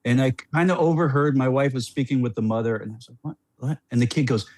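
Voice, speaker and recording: Middle-aged male guest, chatty storyteller, restarts and laughs a lot, mid-pitched, dry studio sound. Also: fast talker, no room sound. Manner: rambling and animated, with frequent restarts and laughs. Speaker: podcast guest, former NBA player. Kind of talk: casual storytelling on a podcast.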